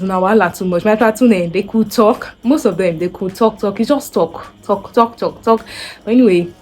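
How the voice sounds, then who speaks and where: A young woman in her twenties with a Nigerian accent, telling a story to camera in a lively, casual way and acting out what people said. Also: medium pitch. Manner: animated, acts out quoted voices. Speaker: vlogger.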